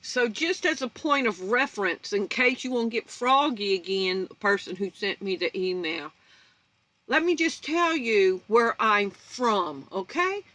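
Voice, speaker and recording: A woman's voice: medium pitch, lively intonation, unhurried, sharp tone, dry recording. Fiery woman in her fifties. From North Baton Rouge, Louisiana. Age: 50s. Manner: emphatic, confrontational, blunt. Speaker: channel host. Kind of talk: fiery vlog rant to viewers.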